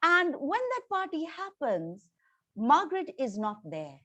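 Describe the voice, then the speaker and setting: A woman with a fairly high voice recounts a novel's story in a relaxed, chatty way. She often pauses on "um" and "you know" and restarts her sentences as she goes. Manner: conversational, with frequent fillers and restarts. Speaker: book reviewer. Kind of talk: casual book plot retelling.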